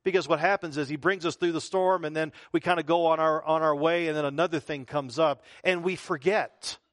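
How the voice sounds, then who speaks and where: A man's voice: fairly high pitch, fairly even intonation, a little fast, dry recording, studio quality. A male pastor preaching a conversational sermon, full of rhetorical questions and repeated phrases.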